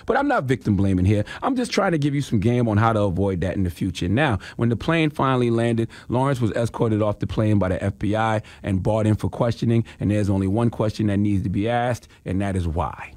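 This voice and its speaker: A man's voice: on the low side, animated, brisk, few pauses, a little mellow, no echo. A man hosting a morning radio show, lecturing listeners and teasing his co-host in a mocking, preachy way. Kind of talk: morning radio banter and commentary.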